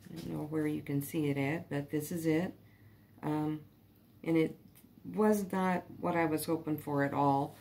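A woman with a lowish voice hosts a casual painting tutorial. She talks through each step as she works, chatty and a little self-deprecating. A faint hum sits behind her. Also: steady tone, unhurried, gravelly, a little mellow. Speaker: art channel host.

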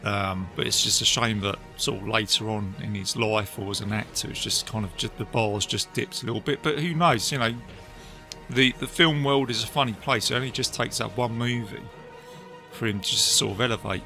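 A man's voice: on the low side, normal speed, gravelly, soft background music. A man co-hosting a film podcast, chatting casually and rambling through his points with lots of fillers. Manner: rambling, animated, acts out movie quotes. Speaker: podcast co-host. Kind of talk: casual film review chat.

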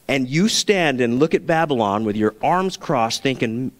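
A man's voice: medium pitch, animated, normal speed, hardly any pauses, long reverb tail. A man preaching a sermon as pastor, earnest, now and then acting out the voices he quotes.

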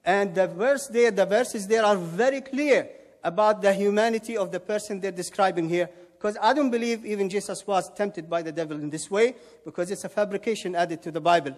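A man's voice: high-pitched, fairly quick. A man giving an emphatic debate rebuttal, firing mocking rhetorical questions. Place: debate hall. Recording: echoey hall with long reverb.

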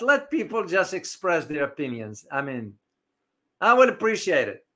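A man hosting a live commentary stream, his voice bright and a touch high. He speaks off the cuff with plenty of "uh"s and restarts, and he often stops to answer viewers' comments in the chat. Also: big pitch swings, moderate pace. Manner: reads out chat comments, rambling with many fillers. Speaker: host of a live geopolitics stream.

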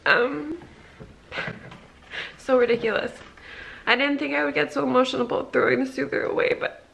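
A young woman vlogging at home as a mom, chatty and sentimental, speaking softly with lots of fillers and sounding teary. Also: sits high, steady tone, normal speed, creaky, a little hiss or hum. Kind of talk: casual home vlog. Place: family home.

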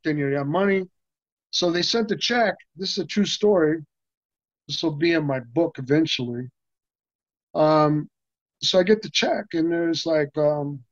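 An older man spins a profane, animated story as an interview guest, starting over and over again mid-sentence. His voice sits a little higher than most men's. The sound is dry and a bit muffled. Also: no echo. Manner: animated, profane, full of restarts and laughs. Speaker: interview guest, stuntman and actor.

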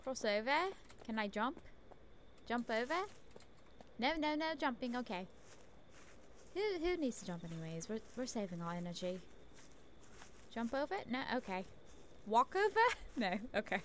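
A woman's voice: a little high, sing-song, normal speed, pauses often, a little hiss or hum. A woman giving chatty, self-talking commentary while playing a video game, often giggling. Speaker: gaming streamer. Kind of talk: casual let's-play commentary.

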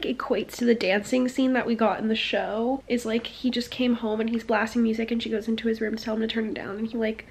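Young woman book vlogger, higher voice, says like a lot, casual chatty rants. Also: vocal fry. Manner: chatty, frequent "like", laughing asides, reads passages aloud. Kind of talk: casual vlog chat.

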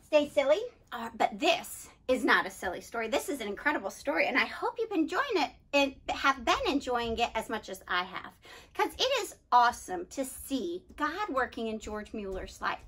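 A woman with a high, bright voice runs a children's club, speaking straight to the kids at home. She is playful and lively, then settles into telling them a story. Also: moderate pace, breathy edge. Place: church setting, streamed to children at home.

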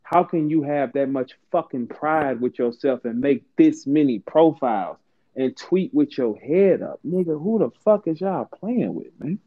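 A man hosting a heated live audio chat, profane, taunting and boastful, swinging from low mutters to high outbursts. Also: animated, unhurried. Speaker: host of an online audio room. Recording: tinny phone-line audio.

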